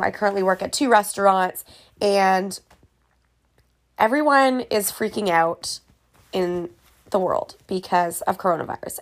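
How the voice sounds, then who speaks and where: A woman's voice: mid-range voice, gravelly. A young woman casually ranting to camera in a vlog, profane and exasperated. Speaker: vlogger.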